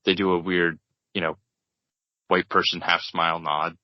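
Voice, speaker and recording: A man co-hosting a podcast, narrating an improvised comedic table read in a rambling, halting way. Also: low voice, little pitch movement, dry recording. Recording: dull, lo-fi, dry podcast mic.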